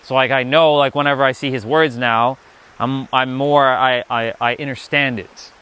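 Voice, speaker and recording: A man's voice: mid-range voice, fairly even intonation, moderate pace, pushed and bright, clear, resonant tone. A young man giving a casual live-stream talk as a spiritual teacher, rambling and restarting his sentences often.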